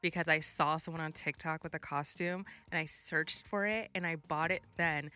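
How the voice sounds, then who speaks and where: A young woman chatting on a radio show, excited and chatty. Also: deep voice, moderate pace. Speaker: co-host. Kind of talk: casual radio show chat.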